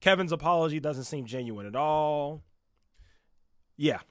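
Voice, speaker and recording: Male reaction commentator, animated and mocking, loud bursts then muttered asides; dry close mic. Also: measured pace, no room sound. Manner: animated, mocking, swings between loud outbursts and low muttering. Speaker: commentary YouTuber.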